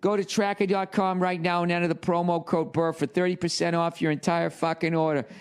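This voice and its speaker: A man putting on a brash guy for a comic ad read, swearing constantly with a gravelly voice. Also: high-pitched, little pitch movement, brisk, voice pushed up.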